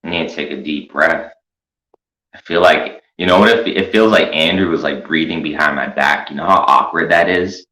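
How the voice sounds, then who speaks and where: A man's voice: very deep voice, moderate pace, sharp tone. A man hosting a commentary show, rambling through a crude, mocking, profane rant. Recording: echoey room.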